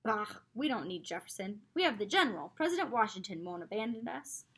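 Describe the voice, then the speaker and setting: A man's voice: sits high, very animated, fairly quick, husky, heavily acted. A woman reading aloud gives voice to a stern, blustering old grandfather. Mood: scoffing. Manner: indignant, shouting at a stranger.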